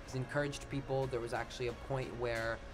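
A man's voice: mid-range voice, flat delivery, a little fast, music in the background. A young man hosting a casual history voice-over for a slideshow. He talks in a rambling, hesitant way, full of "like" and "you know," and often stops to rephrase. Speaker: channel host.

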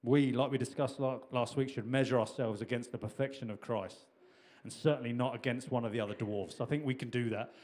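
A man's voice: medium pitch, fairly even intonation, a little fast, darkish tone. A middle-aged man preaching a sermon in a conversational way, with repetitions and restarts. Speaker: pastor.

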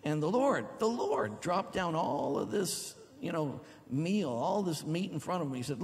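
A man's voice: fairly high pitch, very animated, unhurried, gravelly. A middle-aged man preaching a sermon as pastor, exuberant and at times whooping. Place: large church hall. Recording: long reverb of a church hall.

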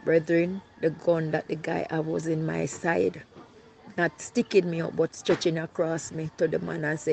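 A Jamaican woman gives her eyewitness account in a mellow, gravelly voice that stays fairly level in pitch. She tells it plainly, drifting into patois as she goes. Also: flat delivery, normal speed, poor audio. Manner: storytelling, slipping into patois. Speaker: robbery witness.

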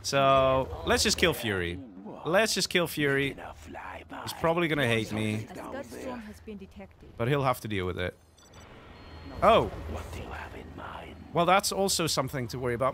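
Animated man commentating a game. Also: medium pitch, measured pace, pauses often, a little hiss or hum. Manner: animated, self-mocking, laughs often. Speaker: game streamer. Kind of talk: casual gameplay commentary. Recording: faint game music behind.

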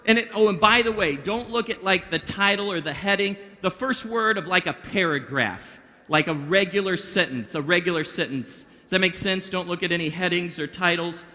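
Bright-voiced man doing playful stage patter. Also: high-pitched. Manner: chatty, playful, directs volunteers. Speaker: magician performing for a youth group. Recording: long hall reverb.

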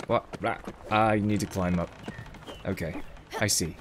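A man's voice: fairly low pitch, moderate pace, long pauses. A man streaming a video game, commenting in a playful, chatty and self-deprecating way. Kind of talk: casual gameplay commentary. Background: game music.

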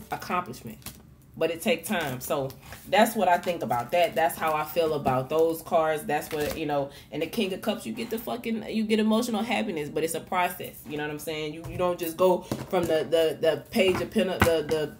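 A woman's voice: deep voice, darkish tone, slight background noise. A woman giving a casual motivational tarot reading in a frank, profane, encouraging way, often repeating and restarting her words. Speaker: tarot reader and vlogger.

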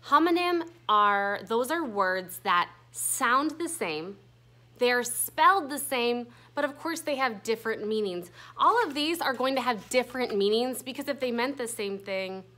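Bright, slow-spoken woman teacher. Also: on the high side, lively intonation. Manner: patient, spells words out letter by letter. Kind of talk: classroom grammar lesson.

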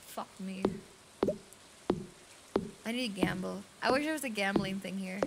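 A woman's voice: mid-range voice, moderate pace, vocal fry, heavy background noise. A young woman with a light Filipino accent, chatting casually on a game stream, reading chat aloud and swearing freely.

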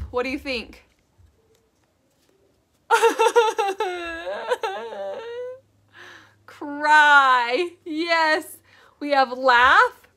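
A young woman teaching a slow, sing-song interactive preschool lesson, prompting children and praising their answers. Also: sits high, pushed and bright.

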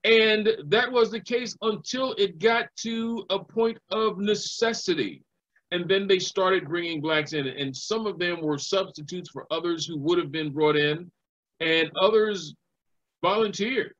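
A man's voice: high-pitched, a little slow, fairly bright tone, lo-fi sound. A man, a living historian and educator, giving a recorded history lecture and telling stories, acting out the voices of people he quotes.

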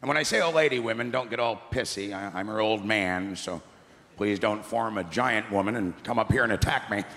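A middle-aged man doing stand-up comedy on a large theatre stage, gruff and ranting with deadpan asides. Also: lowish voice, a little fast. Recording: echoey theatre with loud laughing crowd.

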